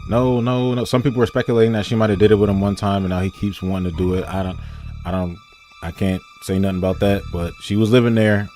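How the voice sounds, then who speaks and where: A man's voice: fairly low pitch, flat delivery, dark tone, faint music behind. A man giving casual commentary, rambling and leaning on "like". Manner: quick, rambling, uses "like" a lot.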